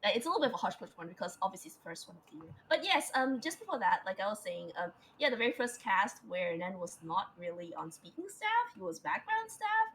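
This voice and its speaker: Lively, teasing woman podcast co-host. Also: medium pitch, fast, few pauses, slight background noise, rough recording. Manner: playful, teasing, chatty with fillers. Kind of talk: casual podcast chat.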